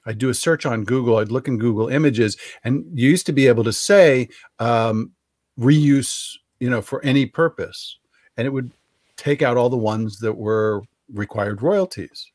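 A man, an author, talks on a video call in a loose, rambling way, circling back and correcting himself as he goes. His voice has an ordinary middle pitch. The room sounds dry and close. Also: moderate pace, a little mellow, no echo. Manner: rambling, self-correcting storyteller. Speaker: author guest. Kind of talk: casual video call interview.

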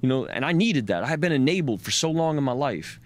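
A man telling a personal story as a podcast guest in a loose, animated, profane way. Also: medium pitch, quick pace. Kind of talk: casual storytelling.

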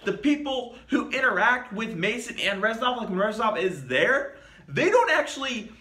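Bright-voiced man swearing through a game review. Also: extremely high pitch, sing-song, moderate pace, reverberant. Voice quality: profane, rambling. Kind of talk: casual video review.

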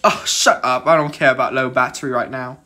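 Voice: medium pitch, steady tone, brisk, pushed and bright. A gamer giving let's-play commentary on a horror game, jittery and exclaiming in fright, dropping to whispers at tense moments.

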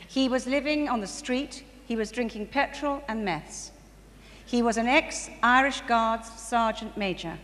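Her voice a little high, a woman speaking at a church conference shares church stories like a sermon, animated and quick to laugh, with surges of excitement. The recording is distant and reverberant, with faint background noise from the hall.

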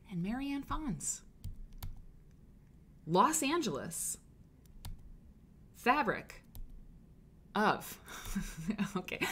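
A woman hosting a live stream show, chatting excitedly and rambling with lots of fillers. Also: fairly high pitch. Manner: gushing, animated, rambling with many fillers.

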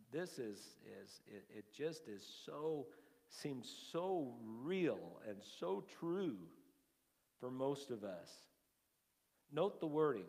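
Pastor preaching with soaring, dropping volume. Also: male voice, fairly low pitch. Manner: swings from hushed asides to loud emphatic preaching; repeats and restarts words. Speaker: lead pastor. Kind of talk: sermon. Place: church sanctuary. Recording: long hall reverb.

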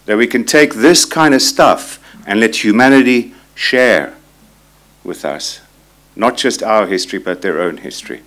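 A man's voice: lowish voice, lively intonation, unhurried, fairly bright tone. A man in his sixties giving a reflective conference talk, telling personal stories and reading quotations aloud. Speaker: conference speaker. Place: conference hall.

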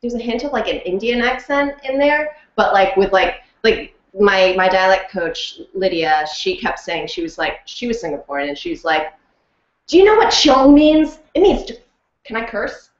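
A woman talking casually in an interview, chatty and animated, laughing often and full of fillers. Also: mid-range voice, normal speed, hardly any pauses. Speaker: interview guest, audiobook narrator and actress. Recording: roomy, dull lo-fi sound.

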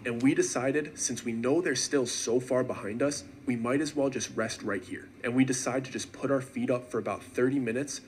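Male storyteller, mid pitch, steady suspenseful first-person narration, faint hiss behind. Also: normal speed, few pauses.

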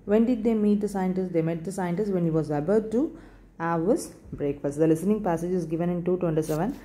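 A woman teaching an English lesson in an Indian English accent. She speaks slowly, repeats words and spells them out letter by letter. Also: lowish voice, dark tone. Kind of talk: recorded classroom lesson.

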